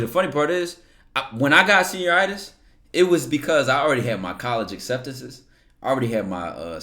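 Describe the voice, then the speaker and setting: A young man's voice, a bit low for a man, in casual stream talk. He answers viewers bluntly and swears freely. He often stumbles and repeats words mid-thought. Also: pushed and bright.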